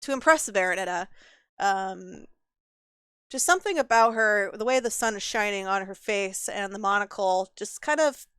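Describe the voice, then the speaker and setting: Crisp-voiced woman game master. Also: mid-range voice, normal speed, no room sound, clean studio sound. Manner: relaxed, filler-heavy storytelling. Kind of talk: narrating a tabletop game.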